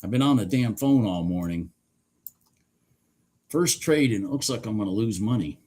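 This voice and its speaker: Husky guy cursing at his charts on a trading stream, voice jumping all over. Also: fairly low pitch, expressive, moderate pace, warm tone. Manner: exasperated, swears, talks at the chart. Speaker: livestream day trader. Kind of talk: live trading commentary.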